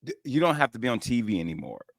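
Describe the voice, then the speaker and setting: A middle-aged man co-hosting a comedy radio talk show, talking in a relaxed way with frequent restarts. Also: medium pitch, fast, no room sound, clean studio sound. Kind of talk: casual comedy radio banter.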